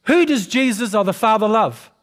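A male pastor preaching a sermon who keeps putting questions to the congregation and asking for an amen, clearing his throat now and then. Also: sits high, lively intonation, moderate pace. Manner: calls for responses from the congregation, often asks questions.

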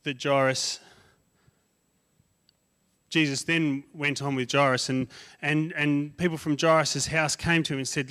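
A guest speaker, a man, preaches a sermon conversationally in a voice on the high side, his delivery flat and his pace measured with long pauses. On emphatic lists he rises and gets loud, and on asides he drops quiet.

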